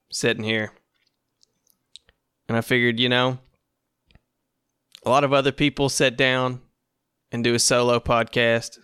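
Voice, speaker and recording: A man's voice: medium pitch, level tone, measured pace, pauses often, pushed and bright, clean tone, no room sound, clean studio sound. A man hosting a casual solo podcast in a laid-back, rambling, self-amused way. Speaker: podcast host.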